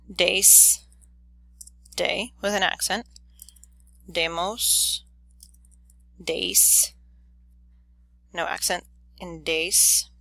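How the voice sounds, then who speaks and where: A woman teaching a grammar lesson at a deliberate, unhurried pace. Her voice is bright and clear, set a little low, and the sound is dry with no room in it. She walks through each step methodically and fixes her own slips right away. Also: no echo. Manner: methodical, steady step-by-step explaining; corrects own slips quickly. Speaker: Spanish teacher.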